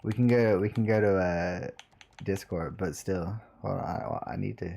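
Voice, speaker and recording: A man's voice: deep voice, moderate pace, creaky, mellow. A young man chatting casually on a live stream, swearing now and then as he sets up his audio.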